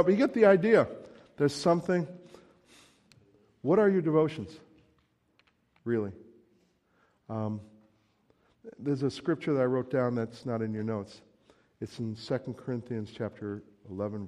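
A man preaching a sermon in a relaxed, conversational way, joking with the congregation and acting out everyday quotes. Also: medium pitch, moderate pace, long pauses. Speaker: pastor. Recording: long hall reverb.

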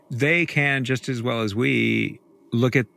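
A man's voice: mid-range voice, slow pace, vocal fry, a bit bright, soft background music. A man co-hosting a podcast in casual chat, laid-back and often chuckling. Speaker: podcast co-host.

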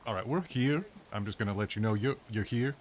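A man running a tabletop role-playing game as game master, narrating in a relaxed, chatty way with frequent fillers. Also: lowish voice, a little fast.

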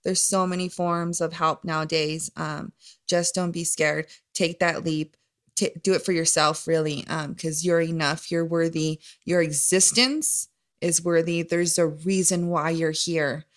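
Woman, podcast host, nasal voice, slightly low pitch, earnest encouraging chat, frequent ums. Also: level tone, unhurried. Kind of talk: casual chat.

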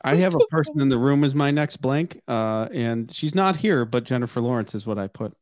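Deadpan man reading out game prompts. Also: mid-range voice, a little fast, no echo. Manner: dry, deadpan asides. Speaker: podcast host running the game. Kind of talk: casual chat, reading prompts.

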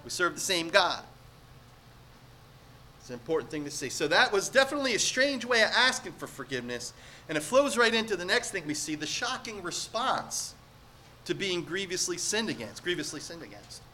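A man's voice: high voice, very animated, fairly quick, bright, forceful tone, slight background noise. A man preaching a sermon to a congregation, earnest and emphatic, asking the room rhetorical questions. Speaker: pastor.

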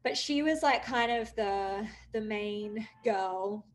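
A young woman candidly recounting a personal story, with many "like" fillers, acting out quoted dialogue with lively jumps in pitch. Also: slow. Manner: chatty, frequent "like" fillers. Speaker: guest telling her story.

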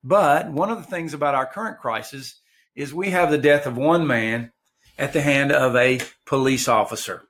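A man preaching a sermon to his church, reading scripture slowly and pausing for emphasis. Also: medium pitch, a bit bright. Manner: slow, deliberate preaching with emphatic pauses. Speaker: pastor.

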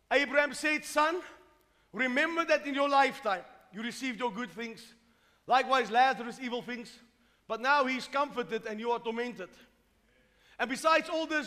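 A man from South Africa preaching a fervent sermon as pastor, rising from calm explanation to shouting. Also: extremely high pitch. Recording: long hall reverb.

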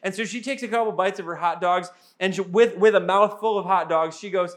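Young male pastor, high-pitched voice, casual earnest sermon delivery, self-mocking humor. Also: brisk, few pauses.

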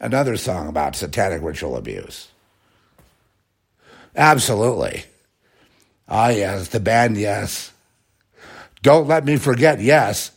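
A man's voice: fairly low pitch, big pitch swings, slow pace, creaky, long pauses, slightly rough. A man hosting a rambling, sarcastic religious commentary talk.

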